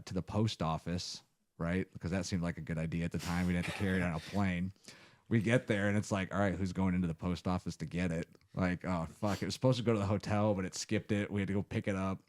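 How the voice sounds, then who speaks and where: With a low, darkish voice, this Ohio man in his thirties hosts a podcast, telling meandering stories casually and cursing a lot.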